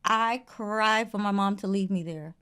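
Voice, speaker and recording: A woman in her forties, a beauty brand founder, chatting softly as a guest in a studio interview. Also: medium pitch, a little slow, clear, resonant tone. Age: 40s. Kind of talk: casual interview chat.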